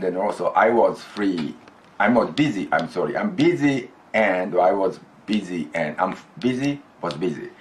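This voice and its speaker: Male teacher; slow, lively-pitched drill delivery, repeats each phrase. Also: slight background noise. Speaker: Japanese language teacher. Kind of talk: classroom grammar lesson.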